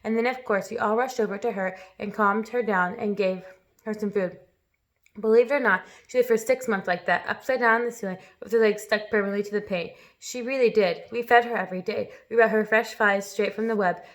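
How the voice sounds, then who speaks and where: A woman reading a children's novel aloud with expressive storytelling. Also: mid-range voice, brisk. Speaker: reader.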